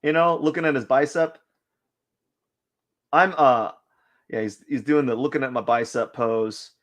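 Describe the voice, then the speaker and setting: A man's voice: mid-range voice, measured pace, a bit bright. A man chatting casually and joking as he draws figure studies on a live stream, rambling and breaking into silly voices. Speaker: artist streaming a drawing session.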